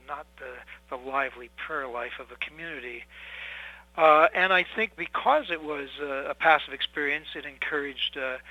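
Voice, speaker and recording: Bright-voiced older priest, hesitant and thoughtful. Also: male voice, mid-range voice, husky, dry recording, low-quality recording. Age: 70s. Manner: measured and thoughtful, with frequent hesitations and fillers. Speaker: priest, interview guest. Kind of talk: reflective interview answers.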